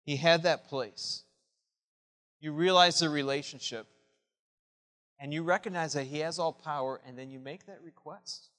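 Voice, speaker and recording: Impassioned preacher with a bright voice. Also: male voice, on the high side, moderate pace, long pauses, big-room sound. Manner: impassioned preaching, swinging from hushed to loud. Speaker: pastor. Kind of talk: sermon.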